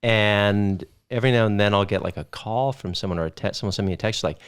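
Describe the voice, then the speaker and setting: A man in his thirties talks loosely on a podcast, circling back and fixing his words as he goes. His voice sits on the low side but swings widely in pitch. He slips small jokes into his answers. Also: lively intonation, quick pace, few pauses, clear, resonant tone. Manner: rambling, self-correcting, joking. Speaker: podcast guest. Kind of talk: casual chat.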